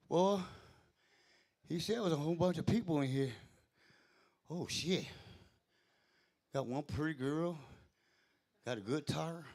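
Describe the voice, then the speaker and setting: Gravelly, profane man at an open mic. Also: a little high, unhurried, pauses often, a little mellow. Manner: rambling, profane, self-interrupting. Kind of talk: stand-up comedy. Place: small club stage.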